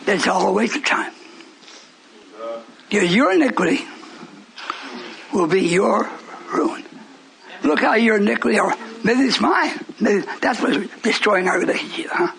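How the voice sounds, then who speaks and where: Pastor, high bright voice, lively, fiery preaching that shouts and scolds. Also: male voice, measured pace, vocal fry, pauses often, a little hiss or hum, rough recording. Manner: shouting, scolding, then joking with the congregation.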